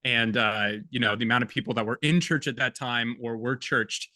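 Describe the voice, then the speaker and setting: A man's voice: medium pitch, fairly quick, pushed and bright, no room sound. A man co-hosting a film podcast, chatting casually and jokily and reading passages aloud. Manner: chatty, jokey, reads quotes aloud. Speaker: podcast co-host. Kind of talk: casual film-review chat.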